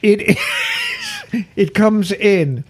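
A woman co-hosts a podcast in easy, joking chat. Her delivery is slow and unhurried, and her pitch rises and falls a lot. She is recorded in a garage studio. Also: huge pitch swings, husky, shouting. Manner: playful, joking, laughs often. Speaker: podcast co-host. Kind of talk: casual chat.

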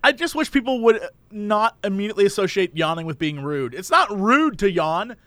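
A man's voice: sits high, fairly quick, dry recording. A man co-hosting a casual podcast chat, joking and slipping into silly voices. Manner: animated, jokey, puts on voices for bits. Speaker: podcast co-host.

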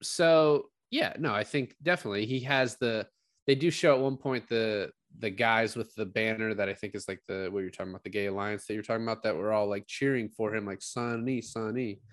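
Speaking fairly quickly in a fairly low voice, a man co-hosts a podcast discussion about a movie. He gets animated and performs quotes from scenes, laughing as he goes, and the recording is dry and studio quality.

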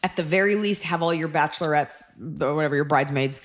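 A woman in her thirties co-hosting a casual advice chat, blunt and emphatic with quick asides. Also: low voice. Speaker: podcast co-host giving advice.

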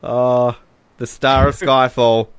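A man's voice: mid-range voice, little pitch movement, slow pace, smooth, dry recording. A man co-hosting a casual film commentary chat, joking and laughing often as he mocks scenes. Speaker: podcast co-host.

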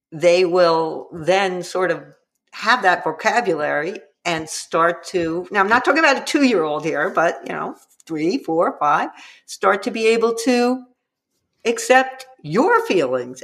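A woman, a parenting book author, speaking as an interview guest and acting out quotes of parents and children with lively energy. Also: fairly low pitch. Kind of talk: conversational interview.

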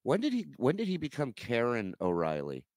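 Picture a man in his forties telling a comic travel story on his podcast, swearing freely and slipping into the voices of everyone in it. His pitch swings widely as he talks, and the sound is dry and close. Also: brisk, no room sound. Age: 40s. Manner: animated, profane, acts out quoted people. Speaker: podcast host. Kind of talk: comedic storytelling.

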